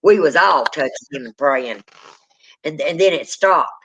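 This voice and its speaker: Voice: mid-range voice, expressive, a little slow, fairly bright tone, husky. A speaker, telling a true ghost story in casual spoken style and acting out the people in it. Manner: dramatic, acts out quoted people. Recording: dull lo-fi sound.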